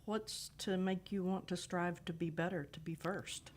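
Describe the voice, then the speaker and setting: A woman's voice: on the low side, steady tone, normal speed. A woman guest on a talk show speaking in an earnest, reflective way. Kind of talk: casual chat.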